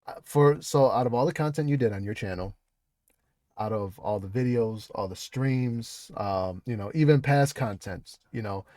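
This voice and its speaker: A man hosting a relaxed podcast interview over a video call. He laughs a lot, swears casually and fills his speech with "you know" and "like". The sound is dry and close, with almost no room echo. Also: mid-range voice, normal speed. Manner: laughs often, loose and profane, many fillers. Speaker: podcast host.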